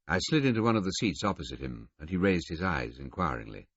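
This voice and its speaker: A man narrates a novel in the first person with a deep, husky voice. His delivery rises and falls in a lively way. The recording is dry and slightly dull. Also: fast, no echo. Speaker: audiobook reader.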